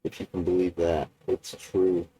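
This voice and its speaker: A man recording a personal video journal, talking in a halting, rambling way with many restarts and fillers. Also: deep voice, completely flat delivery, warm tone, breathy edge, low-quality recording.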